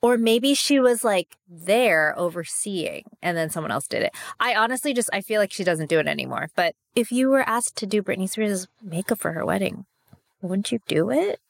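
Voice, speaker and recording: A woman co-hosting a casual gossip podcast, curious and quick with questions. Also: mid-range voice, lively intonation, gravelly, dry recording. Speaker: podcast co-host.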